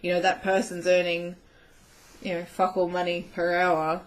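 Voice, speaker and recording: A woman from Australia with an Australian accent, co-hosting a casual webcam chat, relaxed and blunt. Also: on the low side, normal speed, rough recording. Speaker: co-host. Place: home webcam setup.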